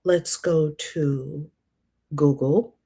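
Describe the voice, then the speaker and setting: A middle-aged woman hosting a casual livestream about scripture, chatty and animated, laughing often. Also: deep voice, drawn-out words, gravelly, slightly rough. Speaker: host reading and discussing scripture.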